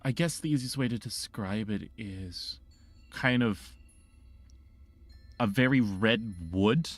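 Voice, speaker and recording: A man narrating a tabletop game as game master, rambling and halting with many restarts. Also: on the low side, soft background music.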